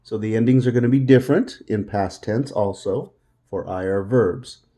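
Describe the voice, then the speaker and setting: A man's voice: fairly low pitch, moderate pace, dark tone. A man teaching a Spanish lesson, patiently repeating words for the listener to drill. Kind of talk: language lesson.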